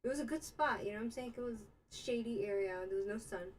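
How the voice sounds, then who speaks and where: A woman's voice: on the high side, fast talker, a little hiss or hum, poor audio. A young American woman hosting a casual livestream, rambling through a story and answering chat comments. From United States. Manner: rambling, chatty, with many fillers and asides. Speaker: livestream host. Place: Israel.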